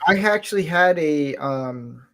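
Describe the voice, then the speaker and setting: A man from Florida, USA hosts a casual chat, rambling, chuckling often and poking fun at himself. His voice is a little high and a bit bright, with lively intonation and an unhurried pace.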